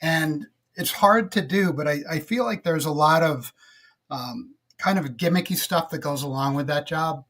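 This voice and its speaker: Man, middle-aged, podcast guest, slightly high voice, relaxed, reflective, lots of fillers. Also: moderate pace. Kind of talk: casual interview storytelling.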